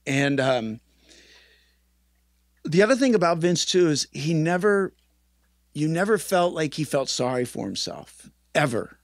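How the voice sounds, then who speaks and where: A man giving a personal memorial tribute, telling stories in an earnest, halting way and acting out remembered dialogue. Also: fairly high pitch, very animated, gravelly, no echo, clean studio sound. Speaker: eulogist at a memorial.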